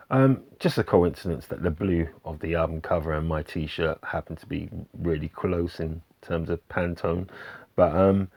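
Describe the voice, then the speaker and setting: A man hosting his own channel, chatting casually about albums he has been playing, with lots of ums, pauses and restarts in an easygoing way. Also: sits low, a little mellow. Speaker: vinyl album reviewer, channel host. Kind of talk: casual album review to camera.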